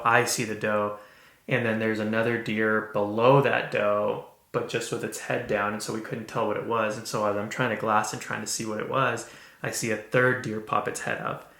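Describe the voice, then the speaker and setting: A man hosting a podcast, telling a personal story in an earnest, halting way with many restarts. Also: mid-range voice, sharp tone, reverberant. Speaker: podcast host. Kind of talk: casual storytelling.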